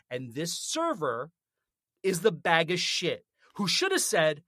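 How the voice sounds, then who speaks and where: A man's voice: a little high, very animated, a little slow, bright, forceful tone, dry recording, studio quality. A man co-hosting a podcast, telling a story in a casual, indignant rant and swearing freely. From North America. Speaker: podcast co-host. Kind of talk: casual chat, ranting story.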